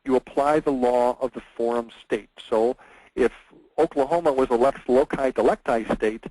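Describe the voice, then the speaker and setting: A man's voice: mid-range voice, normal speed, mellow, no echo, low-quality recording. A man, a lawyer presenting a webinar lecture, speaking conversationally with frequent "uh" and "um" fillers.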